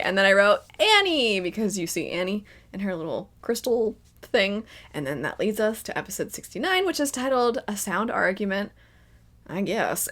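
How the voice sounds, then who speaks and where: A woman's voice: mid-range voice, a bit bright. A woman giving casual reaction commentary as a first-time viewer, laughing often and mimicking characters in mock voices.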